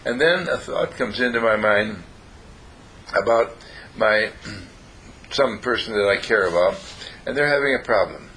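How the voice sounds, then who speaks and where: A man teaching in a calm, repetitive, gently instructive way, guiding listeners through spiritual affirmations. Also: fairly low pitch, a little slow, long pauses, slight background noise, rough recording. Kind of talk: guided affirmation talk.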